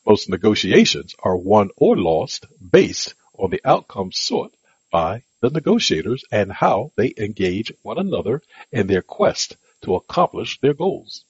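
A man with a deep, very husky voice reads a negotiation lesson in a measured, advisory tone. His pitch moves a lot, rising and falling through each section heading. The recording is dry and a little dull, with no room sound. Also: sing-song, dry recording. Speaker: negotiation instructor. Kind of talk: scripted instructional narration.

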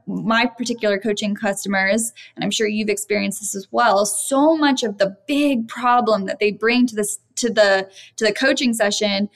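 A woman in her thirties hosting a podcast interview and steering toward closing questions. Her voice carries a noticeable gravelly fry. Her replies come warm and affirming. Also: mid-range voice. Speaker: podcast host and coach. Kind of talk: casual interview.

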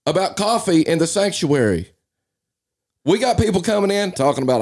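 A man's voice: high-pitched, animated, normal speed, a little mellow. A man, a pastor, talking fervently in a casual discussion, rising into emphatic preaching.

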